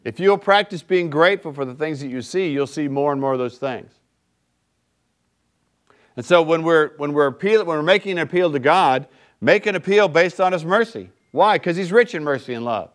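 A man preaching a sermon in a relaxed, conversational way, often checking in with his listeners. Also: a little high, moderate pace. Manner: conversational, keeps asking "right?". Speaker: pastor.

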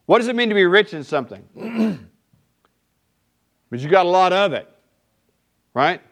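A man preaching a sermon in a relaxed, conversational way, often checking in with his listeners. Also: sits high, moderate pace. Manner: conversational, keeps asking "right?". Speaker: pastor.

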